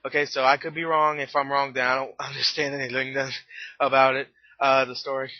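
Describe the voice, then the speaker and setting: A man's voice: mid-range voice, little pitch movement, a little fast, no room sound. A tired, slightly out-of-breath man rambles through a casual movie review, laughing and restarting his sentences. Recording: dull lo-fi webcam audio.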